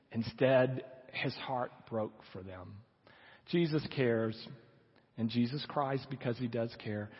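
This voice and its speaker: Earnest preacher in a ringing hall. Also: male voice, a little high, breathy edge. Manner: earnest storytelling preacher, voice dropping soft on solemn lines. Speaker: pastor. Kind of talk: sermon. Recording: dull lo-fi audio in a reverberant church hall.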